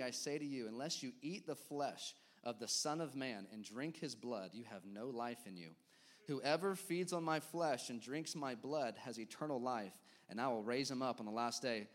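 Animated man preaching a sermon. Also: fairly high pitch. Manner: animated preaching, quick asides to the congregation, acts out crowd reactions. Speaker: pastor.

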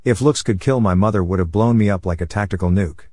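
Low-voiced man narrating a story. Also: fast, darkish tone, no echo. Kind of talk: scripted first-person narration.

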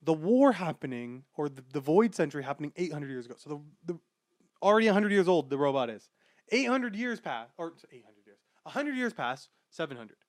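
A young adult man hosting a casual podcast about manga chapters, rambling with many fillers and growing excitable as he talks. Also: fairly high pitch, brisk, no room sound, studio quality. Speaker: podcast host.

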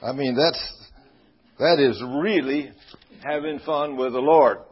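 A man's voice: on the high side, a little slow, slightly rough, highs cut off. A man co-hosting a Christian talk show, chatting in a folksy way and praising God often.

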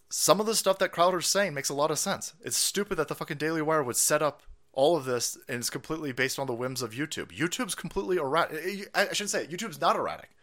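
A middle-aged man hosting a livestream, ranting about politics in a loud, profane, laughing way. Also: mid-range voice. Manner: foul-mouthed, laughing, animated. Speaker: livestream host.

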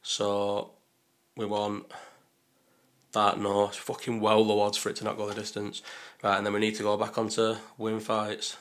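A man's voice: on the low side, monotone, normal speed, long pauses, a bit bright. A man chatting casually as a betting vlogger, rambling and talking to himself as he second-guesses his picks. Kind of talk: casual chat while placing bets.

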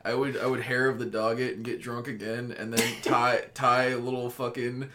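A man's voice: mid-range voice, flat delivery, moderate pace, background noise. A young man co-hosting a comedy podcast, riffing crude jokes and laughing through them in casual banter. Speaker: podcast co-host.

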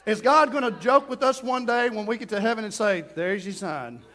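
A middle-aged man preaching a sermon, telling a story with lively, acted-out quotes and sudden outbursts. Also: extremely high pitch, a little fast. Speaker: pastor.

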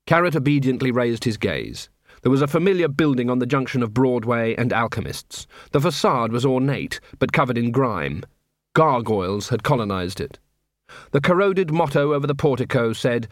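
A man narrating a comic fantasy audiobook in a measured, dry storytelling manner. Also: medium pitch, expressive, dry recording. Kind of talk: scripted narration.

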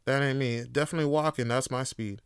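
A man's smooth, resonant voice in a dry, close recording. He rambles through a casual solo podcast, swearing freely and leaning on filler words. When something gets him going, he turns loud and animated. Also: mid-range voice, fast talker, dry recording. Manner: loose, rambling and profane, with lots of fillers. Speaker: podcast host.

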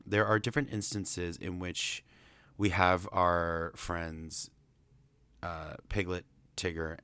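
A man's voice: sits low, a bit bright, clean tone, no echo. A man casually recapping a film's plot in a chatty, rambling, amused way. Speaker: film reviewer.

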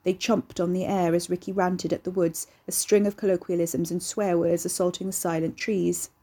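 A woman narrating a dark story in a steady, measured audiobook reading. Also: fairly low pitch.

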